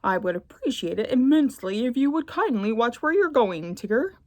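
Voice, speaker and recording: A fussy old owl voiced by a woman speaks with prim formality in a storybook reading. The voice is lively and close in a dry room. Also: a little high, a little fast, no room sound. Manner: formal and prissy. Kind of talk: storybook read-aloud.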